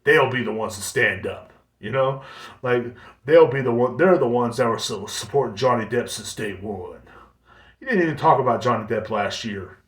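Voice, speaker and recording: A man's voice: mid-range voice, moderate pace. A man rants on his podcast, heated and swearing freely. He mocks other people by putting on their voices. His voice is recorded in an echoey room. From United States. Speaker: podcast host. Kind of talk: profane ranting monologue.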